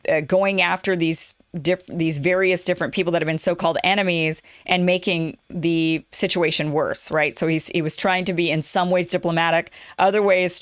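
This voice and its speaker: A woman hosting her own political commentary show, talking in an animated, sarcastic way and mocking her opponents. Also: lowish voice, no room sound, studio quality. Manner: animated, sarcastic, mocks opponents in quoted voices.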